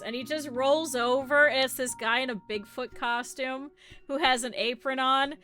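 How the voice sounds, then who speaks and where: Female game streamer, high and bright tone, chatty and tangent-prone, laughs often. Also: moderate pace, soft background music. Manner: rambling, giggly storytelling on tangents. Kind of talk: casual live gameplay chat.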